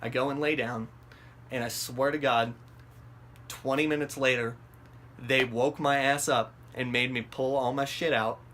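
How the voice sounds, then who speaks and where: A man's voice: mid-range voice, steady tone, measured pace, fairly bright tone. A man with a mid-range voice spins a long personal story, swearing freely and stumbling through ums and restarts. His voice springs up when he acts out his own panic. A faint room hum sits under him. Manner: rambling and profane, many fillers and restarts. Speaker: vlog host telling a story. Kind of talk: casual storytelling.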